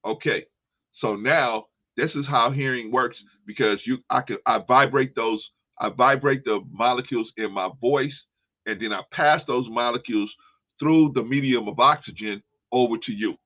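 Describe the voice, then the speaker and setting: A man's voice: medium pitch, moderate pace. A man hosting a casual discussion, explaining his points at length with everyday analogies and frequent restarts. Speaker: host. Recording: tinny phone line.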